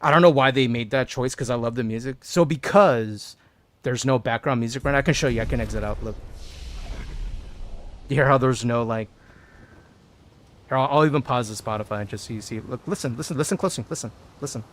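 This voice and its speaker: A man's voice: mid-range voice, brisk, pauses often, slight background noise. A man streaming a video game, chatting casually with his viewers and thinking aloud as he plays. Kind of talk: casual gameplay commentary.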